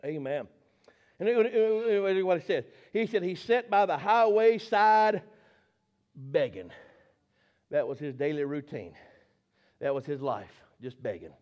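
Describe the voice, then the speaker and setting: A man preaching a fervent sermon, repeating phrases and rising to shouts. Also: fairly high pitch, lo-fi sound.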